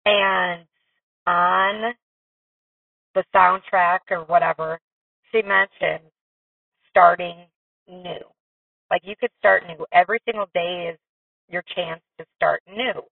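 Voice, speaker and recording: A woman's voice: medium pitch, creaky, no room sound, recorded from a distance. A woman in her thirties telling a personal story in a candid, rambling, self-deprecating way. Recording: dry tinny phone-like sound from off-mic.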